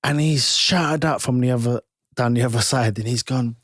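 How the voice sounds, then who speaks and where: A man, a podcast guest telling stories from his playing days in an animated, halting way full of restarts. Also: medium pitch, no echo, clean studio sound. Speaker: podcast guest, former footballer. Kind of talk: casual storytelling.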